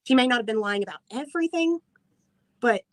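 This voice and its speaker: A woman's voice: fairly high pitch, expressive, brisk, no echo, rough recording. A woman in casual livestream chat, agreeable and hesitant, often trailing off with fillers. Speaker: livestream co-host.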